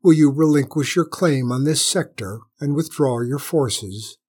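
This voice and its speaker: A man's voice: medium pitch, unhurried, darkish tone, slightly rough. A man doing a stern space fleet commander. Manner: clipped, commanding. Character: stern male human space commander, firm and authoritative.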